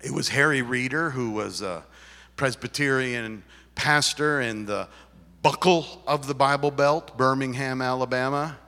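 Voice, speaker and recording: Gravelly male preacher in an echoing hall. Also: mid-range voice, measured pace. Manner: dramatic swings from loud emphasis to near-whisper. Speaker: pastor. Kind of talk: sermon. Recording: reverberant hall.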